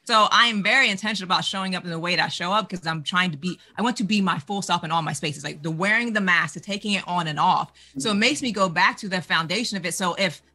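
Woman, very bright sharp voice, outspoken, passionate panelist. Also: medium pitch. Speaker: panelist with a doctorate. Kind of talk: panel discussion.

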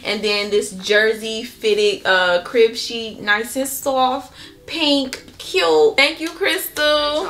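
Young woman, excitable vlog chat, crisp bright tone, fairly high voice, soft music behind. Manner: gushing, excitable, Southern US casual speech. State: pregnant. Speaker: family vlogger opening baby shower gifts.

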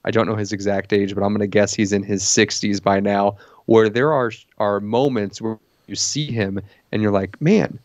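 A man co-hosting a movie podcast, reviewing films in an animated, casual way with lots of restarts and laughs. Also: lowish voice, moderate pace, hardly any pauses, no room sound, lo-fi sound. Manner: animated, stumbling restarts, laughs while talking. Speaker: podcast co-host.

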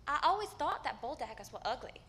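A woman's voice: high voice, very animated, a little fast, a little hiss or hum, exaggerated voice. A woman playing a candid, wry woman recalling girlhood. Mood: fond recollection. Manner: storytelling with vivid shifts in loudness. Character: grown woman recalling her teen self, candid and wry. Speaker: stage actor. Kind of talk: live theatrical monologue. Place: theater stage.

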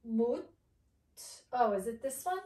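Slow, playful woman teaching in an echoey room. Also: on the high side, lively intonation, mellow. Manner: playful, acts out each feeling. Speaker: English teacher. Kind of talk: animated vocabulary lesson. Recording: echoey room, mic at a distance.

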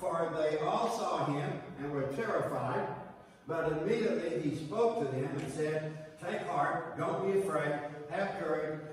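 A man's voice: on the high side, a little slow, slight background noise. A man preaching a sermon to a congregation, building points through repeated phrases and now and then calling a listener "honey.". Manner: repetitive preaching cadence, addresses listeners as "honey". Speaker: guest preacher. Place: church sanctuary. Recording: echoey church hall from far off.

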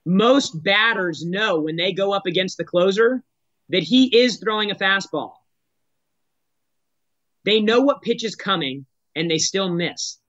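A man's voice: sits high, animated, measured pace, fairly bright tone, no room sound, highs cut off. A man answering as a sales executive guest on a podcast, talking in a direct coaching tone with frequent restarts.

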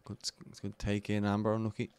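A man's voice: on the low side, monotone, quick pace, a little mellow, clear, resonant tone. An Irish man commentating his own football video game match live, anxiously urging his players on.

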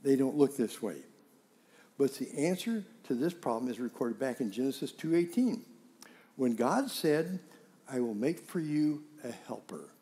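A man's voice: medium pitch, expressive, unhurried, mellow. A man preaching in a conversational way, teaching with rhetorical questions and acting out everyday dialogue to make his point. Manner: acts out quoted dialogue in scenes. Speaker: pastor. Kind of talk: sermon.

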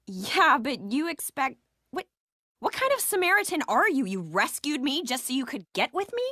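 A woman's voice: sits high, very animated, normal speed, pushed and bright, dry recording, studio quality, exaggerated voice. A woman playing a rescued princess who answers with dismissive sarcasm. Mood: sarcastic.

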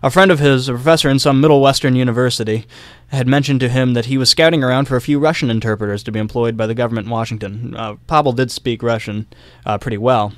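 A young man tells a history story on a casual podcast, full of fillers and easy laughs. His voice is smooth and resonant, recorded close with a dry sound. He speaks at a middling pitch. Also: fairly even intonation, quick pace, no echo. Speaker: podcast co-host.

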